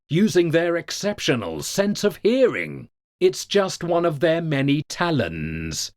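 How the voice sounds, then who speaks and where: Deadpan British comedy narrator, middle-aged man, slow and dry with a lively pitch. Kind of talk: deadpan comic monologue.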